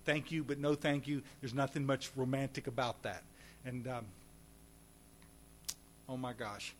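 A man telling his recovery story at a meeting, folksy and animated, talking straight to the audience. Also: medium pitch, unhurried, a little hiss or hum. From Texas. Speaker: recovery speaker.

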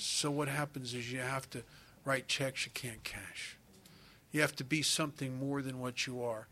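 Bright-voiced man telling funny stories. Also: mid-range voice, normal speed. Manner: joking, conversational, full of "you know" and "man"; swings from quiet asides to loud excited bursts. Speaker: speaker at a recovery meeting. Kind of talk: humorous storytelling talk.

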